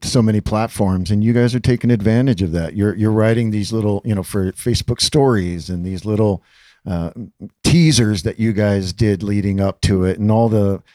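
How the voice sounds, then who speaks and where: A man's voice: lowish voice, fairly even intonation, normal speed, warm tone, no echo. A man co-hosting a podcast, asking questions with enthusiasm and lots of praise. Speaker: podcast co-host. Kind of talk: casual podcast interview.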